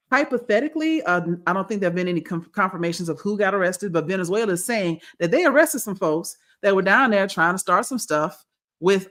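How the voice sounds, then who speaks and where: A woman's voice: on the low side, a bit bright. A woman co-hosting a podcast, chatting casually about politics in a rambling way, often restarting her sentences. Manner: rambling, with restarts and quoted voices. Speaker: podcast co-host.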